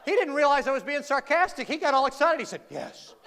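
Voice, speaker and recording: A man's voice: very high-pitched, animated, quick pace, pushed and bright. Man, keynote speaker, sarcastic comic storytelling, reverberant live hall, faint room hum. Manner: wry, sarcastic, teasing the audience. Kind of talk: comedic storytelling to a live audience. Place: large hall before an audience.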